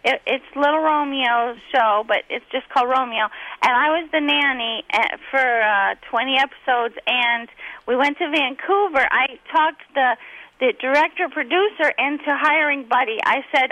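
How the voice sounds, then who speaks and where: High, bright-voiced chatty woman. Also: normal speed, dry recording, poor audio. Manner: chatty, rambling and giggly. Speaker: guest comedian. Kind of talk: casual chat, anecdotes.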